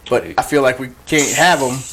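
A man's voice: medium pitch, steady tone, fairly quick, fairly bright tone, slight background noise. A man co-hosting a podcast in casual chat, earnest and full of fillers. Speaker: podcast co-host.

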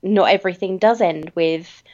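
A woman with a lowish voice speaks slowly and thoughtfully in a casual book chat, drawing her phrases out as she weighs each point. The recording sounds a little dull and lo-fi. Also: darkish tone. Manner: measured, reflective, drawn-out phrasing.

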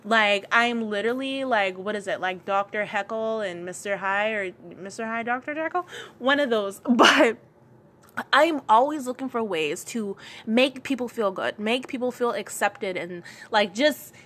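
A woman's voice: a little high, measured pace, a bit bright. A young woman from Charleston, South Carolina, with a light Geechee accent, telling her story casually with many fillers and repeated lines. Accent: light Gullah Geechee, Lowcountry South Carolina. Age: young adult.

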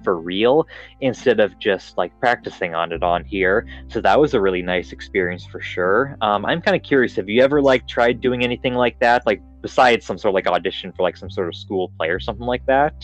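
A man's voice: lowish voice, a little fast, highs cut off, soft background music. Rambling young man, podcast chat. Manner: rambling, many fillers and restarts. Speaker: podcast host. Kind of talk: casual chat.

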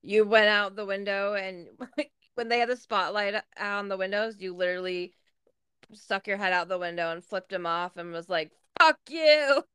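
Smooth-voiced woman telling stories with laughs. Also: medium pitch, normal speed, no room sound, studio quality. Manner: laughing, expletive-heavy, animated. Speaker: podcast co-host. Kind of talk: casual storytelling chat.

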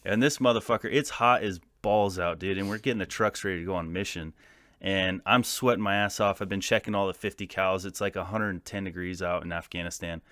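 An American man in his thirties, a podcast guest and former soldier, telling war stories in a casual, profane, animated way with frequent laughs. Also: sits low, a little fast, no room sound, clean studio sound. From United States. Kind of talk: casual storytelling.

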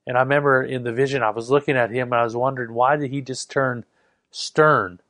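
A man's voice: medium pitch, fairly even intonation, a bit bright, no echo. Earnest middle-aged man preaching, dry sound. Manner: earnest, with slow emphatic stresses. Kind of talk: sermon.

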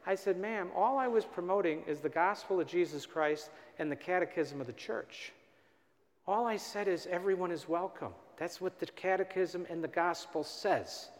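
A man's voice: high voice, moderate pace. A man, a priest, giving a storytelling sermon at a parish mission and acting out the dialogue with rising emphasis. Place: large church. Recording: long reverb of a church.

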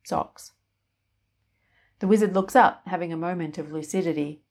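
A woman narrating a story in an even, wry storytelling manner. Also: lowish voice, fast. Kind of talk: scripted narration.

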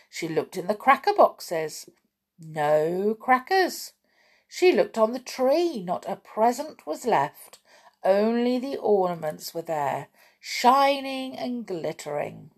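A woman reading a children's story aloud, gently and expressively. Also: lowish voice, very animated, slow.

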